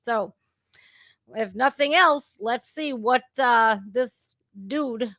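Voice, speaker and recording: A woman's voice: fairly high pitch, slow pace, fairly bright tone, dry recording, studio quality. A woman hosting an impromptu live stream, talking straight to her viewers in an indignant, chatty way. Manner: indignant, conversational, addresses viewers directly. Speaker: reaction channel host.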